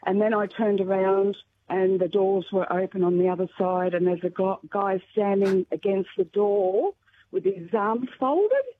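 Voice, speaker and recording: A woman calling in to a radio show, telling a funny anecdote in an animated, laughing way. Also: medium pitch, unhurried, slight background noise. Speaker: radio caller. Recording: tinny phone line.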